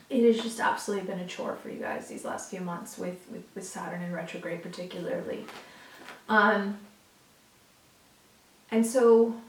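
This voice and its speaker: A woman reads tarot for her audience in a casual, sincere way, now and then swearing and getting emotional. The mic is distant and the sound roomy, and her voice is medium in pitch.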